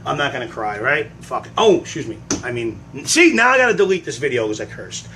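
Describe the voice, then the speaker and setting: A man's voice: mid-range voice, lively intonation, a little fast, sharp tone, slight background noise. A man hosting a casual livestream Q&A with fans, hamming up mock frustration and sudden outbursts. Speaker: livestream host answering fan questions. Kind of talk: casual live-stream Q&A.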